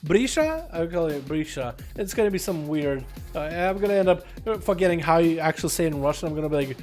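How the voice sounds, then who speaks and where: A young man hosting a game livestream, chatting casually with viewers and calling arena duels in quick, excited play-by-play with a playful, self-mocking manner. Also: on the high side, soft background music.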